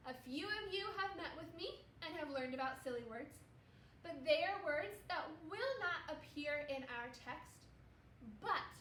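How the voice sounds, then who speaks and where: A woman teaches a reading lesson to second graders, taking each step slowly and patiently. Her voice sits high and encouraging. She sounds a little away from the mic, in a roomy space with a faint hum behind her. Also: a bit bright, distant mic. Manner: slow, patient, encouraging explanations.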